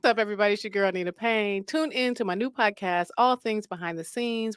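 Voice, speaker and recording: A woman's voice: medium pitch, brisk, hardly any pauses, clear, resonant tone, dry recording. A woman hosting a podcast, recording casual promo takes and laughing at her own flubs. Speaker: podcast host and event business founder.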